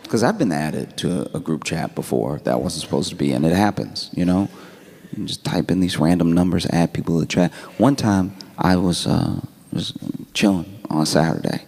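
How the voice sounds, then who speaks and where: A man's voice: low voice, creaky, darkish tone. A man doing laid-back stand-up storytelling, conversational and chuckling through his lines. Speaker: stand-up comedian.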